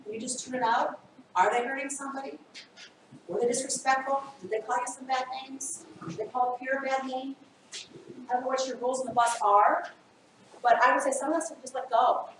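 Woman, 50s, workshop presenter, lively and acts out examples; slightly high voice, recorded from far off in an echoey room. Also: brisk, a little hiss or hum. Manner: animated, acts out scenarios. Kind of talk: training workshop talk. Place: school training room.

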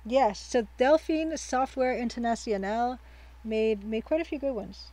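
Mellow-voiced woman chatting through gameplay. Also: a little high, measured pace, low-quality recording. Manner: chatty, reads game text aloud, laughs often. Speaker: let's play host. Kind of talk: casual gameplay commentary.

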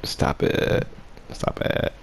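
A man's voice: very slow, a crowd in the background. A man giving gameplay commentary on his own video, often groaning in exasperation at his friend. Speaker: gaming video creator.

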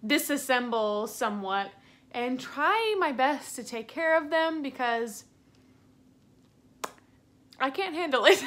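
A woman's voice: sits high, animated, measured pace, fairly bright tone. A young woman plant vlogger talking casually and ranting in exasperation, with bursts of laughter. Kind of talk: casual vlog.

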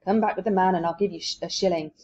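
An excitable old man, overjoyed and newly generous, exclaims his words loudly, as a woman puts him on. The voice is husky and mellow. It is a dull, lo-fi recording of a storybook reading. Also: fairly low pitch, rapid-fire. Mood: earnest. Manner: loud, exclaiming, breathless joy.

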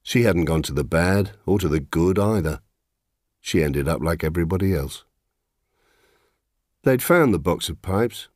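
A man's voice: sits low, lively intonation, a little slow, long pauses, a little mellow, dry recording, clean studio sound. A middle-aged man narrating in the first person, wry, reflective and plain-spoken.

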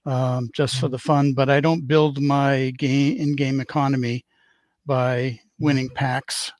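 A man's voice: medium pitch, little pitch movement, unhurried, a little mellow, no room sound. A man in his seventies with a Boston accent, chatting as a stream guest and telling rambling, joking stories. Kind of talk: casual chat on a stream.

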